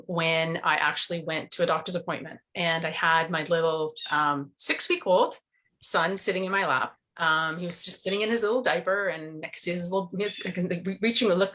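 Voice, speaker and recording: A woman's voice: lowish voice, fairly bright tone. A middle-aged woman, a nutrition coach, telling her story earnestly in an interview over a video call.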